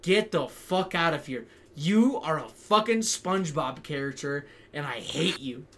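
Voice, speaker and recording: A man's voice: a little high, animated, a little slow, bright, forceful tone, a little hiss or hum. A young man hosting a podcast, chatting crudely and ranting with lots of swearing. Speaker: podcast host. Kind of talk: casual chat.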